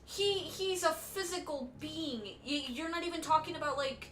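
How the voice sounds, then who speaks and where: High-voiced woman in an echoey room. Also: moderate pace, a bit bright. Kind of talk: casual live-stream chat.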